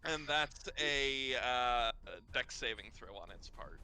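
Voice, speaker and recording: Slow, hesitant man with a bright voice. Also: mid-range voice, animated. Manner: hesitant, many fillers. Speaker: player. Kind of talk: casual game talk.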